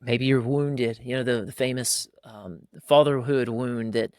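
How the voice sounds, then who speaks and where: A man in his thirties talks through parenting from a Christian angle in a casual chat. He is animated and often slips into quick acted-out voices of fathers and kids. His voice sits at a middle pitch, recorded close and dry. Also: no echo. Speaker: podcast co-host.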